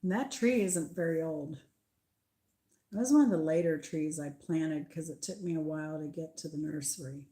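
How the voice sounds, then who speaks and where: An older woman with a mild Southern American accent, chatting casually as a channel host on a garden tour, rambling with pauses. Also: low-pitched, dark tone. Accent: Southern American mix.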